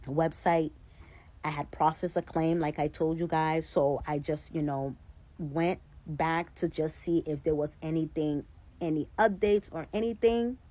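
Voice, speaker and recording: A woman's voice: deep voice, rough recording. A woman vlogger chatting casually, retelling an ordinary experience and often addressing her viewers directly. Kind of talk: casual storytelling vlog.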